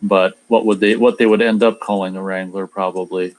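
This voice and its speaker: Male host, lowish voice, casual and rambling, reads chat comments and restarts his sentences a lot. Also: little pitch movement, fairly quick. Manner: rambling, repeats words when starting sentences; tries a mock Australian accent in a few short bits. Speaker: radio show host reading live chat.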